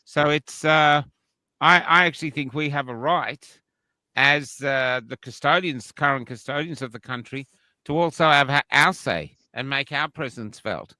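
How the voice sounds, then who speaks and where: A man's voice: fairly high pitch, a little slow, sharp tone, dry recording. An Australian man hosting a casual online panel chat, opinionated and rambling with frequent restarts. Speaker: livestream host.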